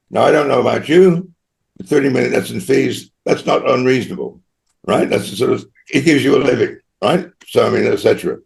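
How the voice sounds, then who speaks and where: Older man from Australia, gravelly voice, mid pitch, rambling anecdotal interview guest. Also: a little mellow. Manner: rambling anecdotal, frequent tag "right?". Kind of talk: storytelling interview.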